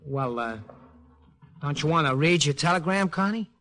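A slangy, wisecracking war veteran in a 1940s radio play, his bright voice pitched a little high. He swings up and down lively as he needles and cajoles, tough on the surface but kind underneath. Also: moderate pace, a little hiss or hum. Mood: coaxing. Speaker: narrator and lead character.

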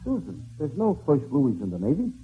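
A man doing a fast, wisecracking, whiny comic routine in a 1940s radio comedy. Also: on the high side, wildly swooping pitch, husky. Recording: tinny old radio broadcast with music.

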